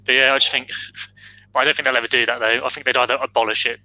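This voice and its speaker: A man with a sharp, bright voice joins a casual football podcast panel. He is agreeable and a little hesitant, and he hedges most of his points. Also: mid-range voice, level tone, very fast, low-quality recording.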